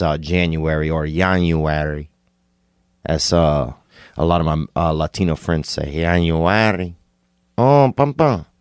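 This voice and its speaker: A Louisiana man rambles through a digressive comedic monologue, occasionally leaping into sudden high, excited bursts. The recording is dry and of studio quality.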